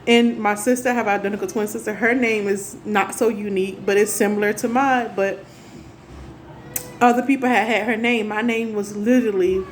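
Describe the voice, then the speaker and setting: A woman's voice: medium pitch, fairly even intonation, brisk. A young woman tells a personal story straight to camera, earnest and rambling. She often restarts her sentences as she goes. Faint household noise from the neighbors sits under her voice. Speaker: spiritual vlogger. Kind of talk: casual personal monologue to camera.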